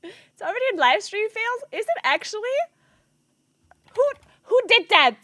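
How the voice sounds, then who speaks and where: A woman's voice: very high-pitched, very animated, normal speed, sharp tone, no room sound. A woman streaming live, chatting casually with her viewers, laughing often and swearing. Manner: laughing helplessly, swearing, talking to chat.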